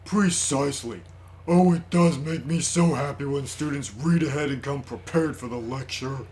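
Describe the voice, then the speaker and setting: A man voicing a calm, sinister male bird doctor in a video game, reading slowly and deliberately. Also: medium pitch, slight background noise, lightly acted. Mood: smug. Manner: measured, smug, slow and deliberate. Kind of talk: reading game dialogue aloud.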